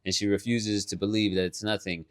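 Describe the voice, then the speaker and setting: A man's voice: lowish voice, little pitch movement, brisk. A man co-hosting a podcast in casual chat, laughing a lot, swearing and saying "bro" as he tells a story. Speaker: podcast co-host.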